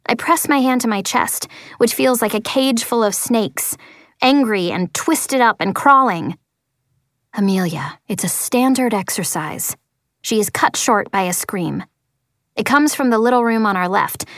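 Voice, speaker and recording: Expressive woman narrating a story, dry sound. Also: mid-range voice, no room sound. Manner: expressive, slows for tense moments, drops to quiet tones. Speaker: audiobook narrator. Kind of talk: first-person audiobook narration.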